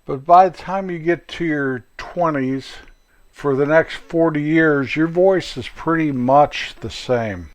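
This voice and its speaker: A man's voice: fairly high pitch, slow pace. An older man, a grandfather, hosting his own podcast in a folksy, rambling, chatty monologue. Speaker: podcast host. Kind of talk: casual solo podcast monologue.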